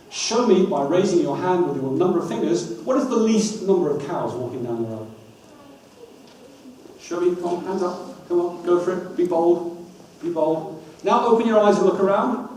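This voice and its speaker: Male trainer, energetic and wry, heard off-mic in a big echoey hall with faint hum. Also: high-pitched, moderate pace, recorded from a distance. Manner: energetic, coaxing the audience, wry asides. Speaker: dyslexia trainer giving a talk. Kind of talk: lively public talk with audience activities.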